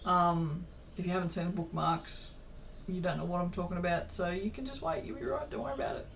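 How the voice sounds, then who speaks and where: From her home craft room, a tired small business owner chats to camera with a lowish, vocal-fry voice at a fairly quick pace. She rambles in a self-deprecating way, full of ums and tangents, while updating viewers over slight background noise.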